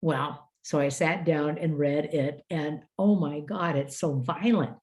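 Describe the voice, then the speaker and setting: An older woman from the United States presents to a room of teachers. Her voice sits very low and sounds warm and dark. She tells stories from her classroom in a lively, conversational way, with plenty of "uh"s. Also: measured pace. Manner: lively storytelling with frequent "uh" fillers. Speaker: education presenter. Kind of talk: workshop lecture for teachers.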